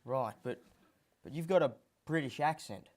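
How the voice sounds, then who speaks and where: A man's voice: mid-range voice, moderate pace, darkish tone, lightly acted. A man playing a flustered talk show host who stammers and turns defensive in a comedy sketch.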